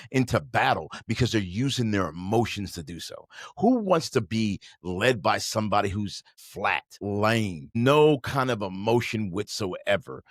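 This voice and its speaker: Preachy guy hosting a business podcast, kinda low voice but really animated, dry close sound. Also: no room sound. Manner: emphatic, preachy, addresses listeners directly. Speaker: podcast host. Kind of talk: motivational business talk.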